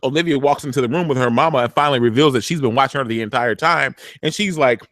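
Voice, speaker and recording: A man's voice: mid-range voice, fast, no echo. A man hosting a show, chatting casually and retelling scenes playfully. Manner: animated, playful storyteller. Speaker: show host. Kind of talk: casual recap chat.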